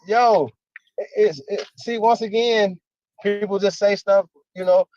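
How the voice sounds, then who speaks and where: A man's voice: high voice, steady tone, a little slow, a little mellow, dry recording. A man talking as a livestream guest, emphatic and slangy, firing off rhetorical questions. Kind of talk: casual heated debate talk. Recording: dry, dull lo-fi stream audio.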